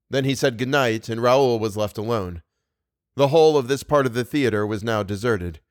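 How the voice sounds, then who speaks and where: Male audiobook reader, even and steady, mid pitch, dry close sound. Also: no echo. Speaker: audiobook narrator. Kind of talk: scripted narration.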